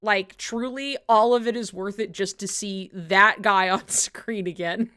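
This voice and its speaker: A woman's voice: medium pitch, steady tone, measured pace, sharp tone, clear, resonant tone. A woman streamer chatting casually during a watch-along, rambling with lots of fillers, swearing and frequent laughter.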